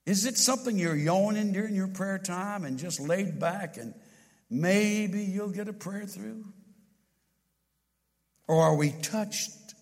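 A man preaching a sermon in a church, impassioned, swinging from loud to hushed. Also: sits high, vocal fry, in a large hall.

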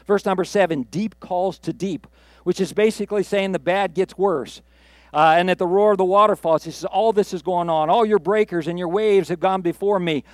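Earnest, higher-voiced male preacher. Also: normal speed, no echo. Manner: earnest preaching, building to emphatic highs. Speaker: pastor. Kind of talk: sermon.

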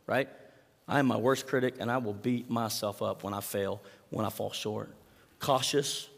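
A male pastor with a twang delivers a conversational sermon, pitched right in the middle for a man. He jumps into the quoted lines with a sudden lift in voice and volume, then drops back to a plain, confiding tone. The sound carries a long hall reverb, as if heard in a big church. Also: a little fast, creaky. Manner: animated storytelling, acts out quoted lines with rising pitch and volume.

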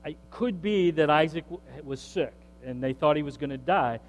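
A man preaching from the pulpit with a high-pitched voice, dramatizing scripture and slipping into casual voices for the characters. His words ring out with a long hall reverb, and a faint mains hum sits underneath. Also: normal speed. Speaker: pastor. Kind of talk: sermon.

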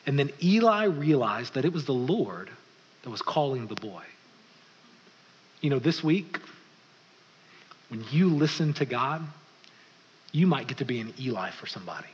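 A man preaching a sermon as pastor, telling the story in a lively way and acting out the voices of the people in it. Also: medium pitch, normal speed, pauses often, husky. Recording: muffled sound with long hall reverb.

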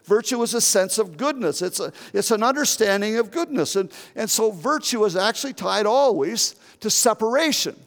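An older man in his seventies preaching in a church, his voice high for a man and gravelly. He talks earnestly, repeating and restarting his words. A long reverb trails behind him. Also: expressive, moderate pace, hardly any pauses. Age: 70s. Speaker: pastor. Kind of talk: sermon.

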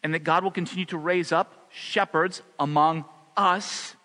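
A man preaching a sermon as pastor, passionate at the peaks and soft and low in prayer. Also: steady tone, moderate pace, big-room sound. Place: church hall.

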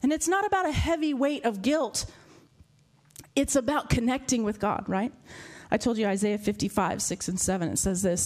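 A woman preaching a sermon to a congregation in a church, animated and laughing often. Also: a little high, moderate pace. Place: church hall with live audience.

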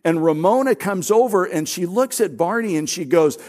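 A man's voice: sits high, animated, moderate pace, darkish tone. A middle-aged man preaching as a pastor, telling stories conversationally with self-deprecating humor. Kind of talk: conversational sermon.

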